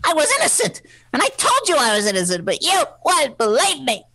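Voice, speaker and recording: A woman's voice: high voice, gravelly, exaggerated voice. A woman reading the part of a flustered, touchy young husband in an amateur 1940s radio play reading. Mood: huffy. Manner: huffy, excitable, quick to bluster.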